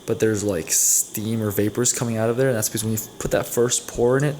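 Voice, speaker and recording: A man's voice: on the low side, steady tone, fairly quick, darkish tone, faint music behind. A young man casually narrating his day's food while making coffee at home, chatty and rambling, often correcting himself. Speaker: vlogger. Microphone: camera mic.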